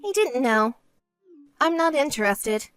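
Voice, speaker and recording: A woman voicing a vain, self-centered young woman who talks in a smug, whiny way and turns shrill when angry, in an animated story. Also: measured pace, clear, resonant tone, dry recording, soft background music. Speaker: bride-to-be sister.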